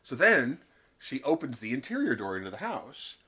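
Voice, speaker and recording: Lively, bright-voiced man recapping a show. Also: medium pitch, normal speed, husky. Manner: laughs often, acts out lines from the show. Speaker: podcast co-host. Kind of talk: casual chat recapping a TV show.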